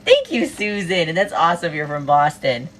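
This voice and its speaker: A woman's voice: sits low, big pitch swings, moderate pace, a bit bright. A woman from the US East Coast on a cooking livestream, bubbly, greeting viewers one after another and saying "oh my God" a lot. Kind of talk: casual livestream chat.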